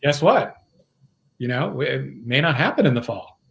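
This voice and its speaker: A man's voice: mid-range voice, moderate pace, creaky. A man at home, a small business owner, chatting casually as a podcast guest and laughing easily. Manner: relaxed, conversational, laughs often. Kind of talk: casual video podcast chat. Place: home, with his dogs.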